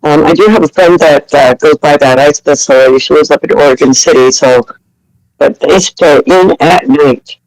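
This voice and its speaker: A woman's voice: low-pitched, normal speed, darkish tone, poor audio. Caller, woman from Canada, fired-up swearing rant, apologetic. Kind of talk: live audio chat room call-in.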